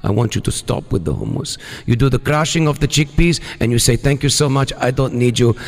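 A man's voice: mid-range voice, expressive, a little fast, creaky, in a large hall. A man voicing a mysterious male love guru with an Eastern European accent who gives solemn, odd advice on a radio show. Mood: advising.

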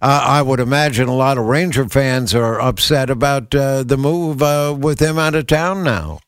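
A man's voice: medium pitch, normal speed, smooth, dry recording, studio quality. A man hosting a radio interview, asking long questions full of uhs. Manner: hesitant, many uhs. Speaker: radio show host.

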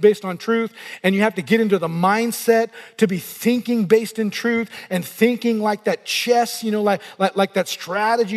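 A middle-aged male pastor preaching a sermon, animated and acting out inner voices as he goes. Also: high-pitched, in a large hall.

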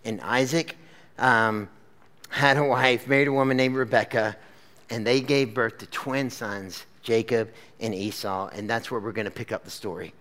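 A man's voice: mid-range voice, steady tone, moderate pace, a bit bright. A man preaching a casual sermon to a live crowd, telling the story in a chatty way full of "like" and "okay?". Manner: chatty, lots of fillers like "like" and "okay?". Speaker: pastor. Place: church gathering with a screen.

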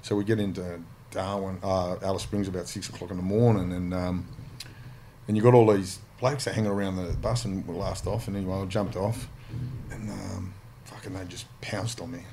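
A man's voice: deep voice, steady tone, normal speed, warm tone, slight background noise. An Australian man, a podcast guest, telling stories casually in a blunt, profane, rambling way, full of restarts. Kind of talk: casual storytelling.

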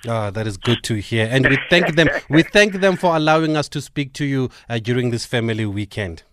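A man hosts a radio sports show from a dry studio. His voice sits at a middle pitch. He asks his guest questions in a polite, courteous way, pausing often. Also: expressive, a bit bright, dry recording. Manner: polite, courteous, many "uh" pauses. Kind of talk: radio interview.

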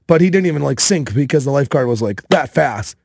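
A man in his thirties hosting a podcast, telling a casual story in an animated way, with many fillers. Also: medium pitch, fast talker, gravelly, no room sound, clean studio sound. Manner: animated, filler-heavy with frequent "like". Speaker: podcast host.

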